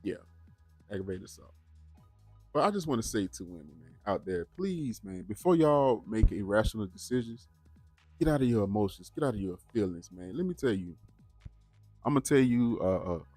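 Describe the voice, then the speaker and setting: A man's voice: lowish voice, expressive, moderate pace, a little mellow, no echo, soft background music. A man hosting a reaction channel, talking casually and straight to his viewers, often repeating words as he goes. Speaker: host of a bodycam reaction channel.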